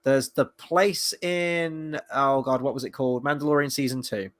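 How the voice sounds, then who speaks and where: A man's voice: medium pitch, steady tone, moderate pace, a bit bright. Guy rambling thru a show review, lots of ums and likes, swears casually. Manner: rambling, swears, many fillers. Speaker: podcast host.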